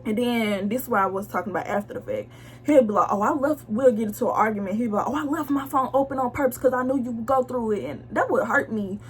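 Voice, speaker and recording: A young woman blunt, slangy and animated as she tells viewers a personal story in a casual storytime vlog. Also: on the high side, quick pace, slight background noise. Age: young adult. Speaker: vlogger telling a story.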